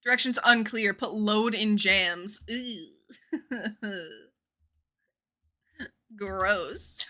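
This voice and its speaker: A woman streaming a game live, chatting casually with viewers in a bubbly, animated way and swearing freely. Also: medium pitch, extremely slow, pauses often. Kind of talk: casual live-stream chat while gaming.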